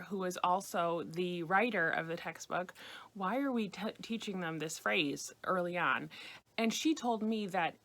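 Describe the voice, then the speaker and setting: An American woman teaching beginners a language lesson, patiently repeating phrases slowly. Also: mid-range voice, vocal fry, a bit bright. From United States. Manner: patient, slow repetition of phrases. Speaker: French teacher.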